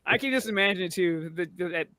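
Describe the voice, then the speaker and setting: A man's voice: high voice, fast talker, bright, forceful tone, no room sound. A male co-host who jokes and laughs often.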